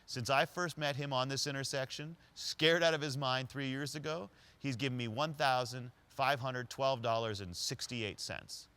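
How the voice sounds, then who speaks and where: A man acting out a streetwise homeless man who is tough but kind, in a louder, higher, emphatic voice. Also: fairly even intonation, moderate pace, hardly any pauses, clear, resonant tone. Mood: earnest.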